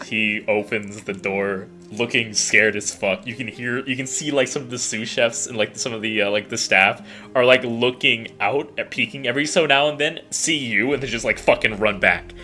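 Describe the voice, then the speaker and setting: A man's voice: medium pitch, normal speed, hardly any pauses, pushed and bright, soft background music. A young man narrating as game master in a casual, filler-heavy way.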